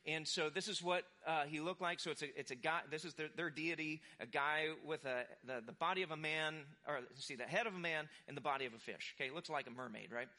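A man's voice: fairly high pitch, fast talker, hardly any pauses. A young adult man preaching a sermon, talking casually and acting out quoted voices as he tells the story. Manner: animated, acts out quoted voices. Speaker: pastor.

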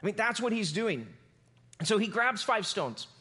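A man preaching a sermon, retelling a scripture story in a loose, casual, animated way. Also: sits high, moderate pace. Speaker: pastor.

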